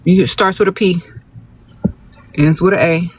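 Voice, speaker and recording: This high-pitched male livestream host speaks at a normal pace with fairly even intonation, and a little hiss or hum runs under the audio. Broadcasting from his phone outdoors near birds, he reads out viewer questions and answers with blunt, sassy, no-nonsense relationship advice aimed straight at his audience.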